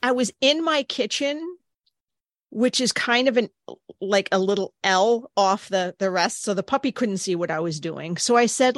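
A woman's voice: mid-range voice, animated, moderate pace, no echo, studio quality. A woman on a podcast telling a funny story casually, acting out voices and swearing freely. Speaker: podcast co-host, dog groomer.

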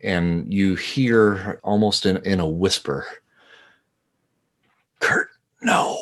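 Slow, deep-voiced man narrating a game. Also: fairly even intonation. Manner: deliberate, hesitant with fillers. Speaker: game master. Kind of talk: narrating a tabletop horror game.

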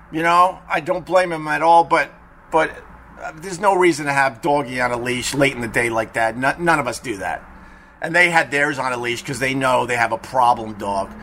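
A man's voice: on the high side, bright, forceful tone. A man hosting a podcast, telling a story in a chatty, profane way and acting out quoted people with raised voices. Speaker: podcast host. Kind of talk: casual storytelling monologue.

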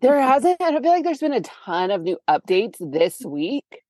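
A young adult woman co-hosting a podcast in casual chat, blunt and animated, swearing often. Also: fairly high pitch, moderate pace, dry recording. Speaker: podcast co-host.

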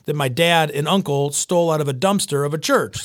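A man's voice: on the high side, brisk, hardly any pauses, no room sound. A man, a chef telling his story in casual interview chat, rambling and acting out the voices of the people he quotes. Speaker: chef and pizza shop owner.

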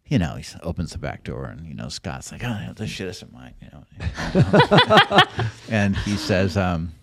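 Deep-voiced man telling rambling stories. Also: lively intonation, brisk, a little mellow, dry recording. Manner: rambling anecdotes, acts out quoted voices. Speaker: guest. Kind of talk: casual podcast storytelling.

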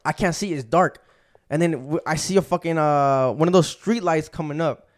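Young male podcast host, casual storyteller, heavy slang and cursing, voice a bit on the high side. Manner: profane, fast-flowing street slang.

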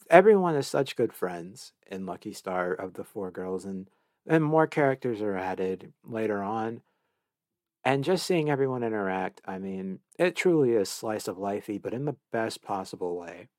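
A low-pitched man hosts a solo podcast and gushes about a show he loves. He restarts his sentences often, repeating words as he talks. His voice sounds dry and close, with no room sound. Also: darkish tone, no echo. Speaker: podcast host. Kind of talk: solo anime review podcast.

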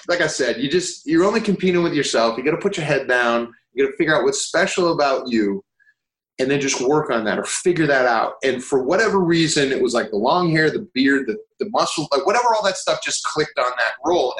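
Animated man in a roomy space. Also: on the high side, brisk. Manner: animated, swears, acts out quoted voices. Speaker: guest actor. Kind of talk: casual interview storytelling.

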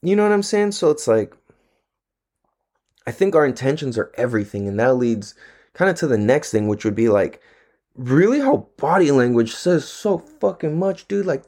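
A young man hosts his own podcast solo, on camera at home, delivering a casual, rambling monologue. He's laid-back and slangy, swears a lot, and laughs often, with a mid-range, slightly mellow voice.

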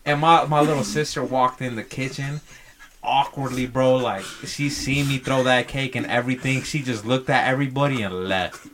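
A man's voice: medium pitch, normal speed, a bit bright, a little hiss or hum. A man as a podcast guest in casual chat, slangy and playfully argumentative, saying bro a lot.

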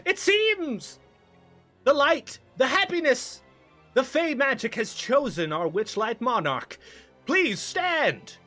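A man's voice: sing-song, takes it slowly, bright, forceful tone, faint music behind, exaggerated voice. A man voicing a flamboyant male carnival ringmaster in a showy, theatrical announcer manner. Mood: announcing. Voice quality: high, theatrical showman voice. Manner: grand announcer delivery, prim and flustered.

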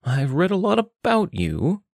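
A man voicing a composed older brother who delivers grave news in a slow drawl. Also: high voice, wildly swooping pitch, creaky, a little mellow, no echo, clean studio sound, pitched above the performer's own voice, heavily acted.

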